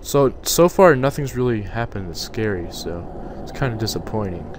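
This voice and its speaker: A man's voice: lowish voice, lively intonation, moderate pace, slight background noise. A young man giving jokey, swearing commentary while playing a horror game and talking back to its figures. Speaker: gaming YouTuber.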